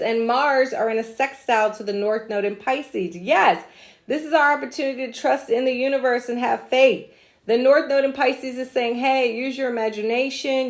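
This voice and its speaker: A woman hosting a casual astrology livestream, chatty and slangy, drifting into asides and laughing at herself. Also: a little high. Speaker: astrology host.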